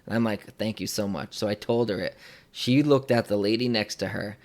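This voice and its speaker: A young man with a fairly low voice speaks a little fast while interviewing a guest. He tells a personal story in a rambling, emotional way, full of fillers and restarts, in casual conversational storytelling.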